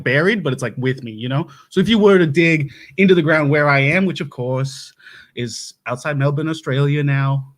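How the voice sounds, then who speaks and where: An actor playing an eccentric doomsday prep lecturer who hosts a comedy talk show, rambling and sometimes turning mock antagonistic. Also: male voice, fairly high pitch, close to an everyday voice. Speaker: host.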